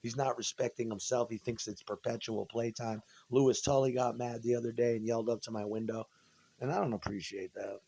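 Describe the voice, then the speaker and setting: A man's voice: medium pitch, fairly even intonation, fairly quick, gravelly, warm tone. A man in a rambling, profane monologue from home, agitated and tripping over his words. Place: at home, indoors.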